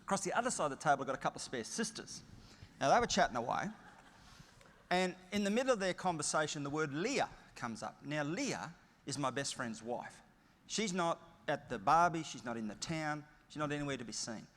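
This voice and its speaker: Speaking from the stage of a big conference hall, this middle-aged Australian keynote speaker has a slightly high, fairly bright voice that moves quickly with lively intonation. His delivery is conversational and anecdotal, full of easygoing humour, with a long reverb tail behind it.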